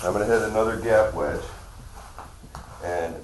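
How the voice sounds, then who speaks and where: Low-voiced nasal man demoing a gadget. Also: a little hiss or hum. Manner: halting, talks while operating a device. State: nasal from a cold. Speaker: product demonstrator. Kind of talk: casual product demonstration.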